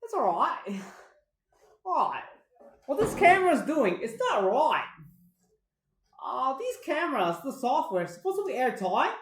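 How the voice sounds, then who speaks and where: A man's voice: extremely high pitch, sing-song, measured pace, long pauses, a bit bright, roomy sound, full character voice. A man from California joking around in a put-on Australian accent, talking in a drawling, playful, rambling way. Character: jokey laid-back Aussie bloke, adult man. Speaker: host's husband. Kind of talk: joking banter in a fake accent.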